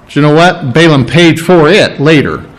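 A man's voice: on the high side, lively intonation, moderate pace, rough recording. A male preacher telling a Bible story in a conversational sermon, with many restarts.

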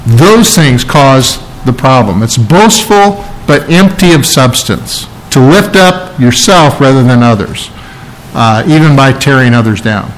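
A man's voice: mid-range voice, lively intonation, unhurried, a little hiss or hum, poor audio. A man preaching a sermon, teaching earnestly and stressing key phrases by repeating them. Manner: earnest, emphatic teaching with repetition. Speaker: pastor.

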